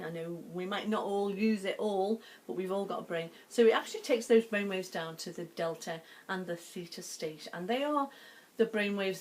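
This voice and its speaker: Chatty Liverpool woman, low voice. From Liverpool, England. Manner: gentle, chatty, lots of fillers. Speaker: sound healer. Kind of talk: explanatory talk to camera.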